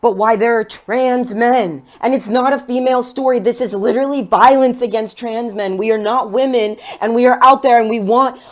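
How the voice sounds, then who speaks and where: Woman shouting an impassioned rant. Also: a little high, steady tone, normal speed, few pauses. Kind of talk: heated rant.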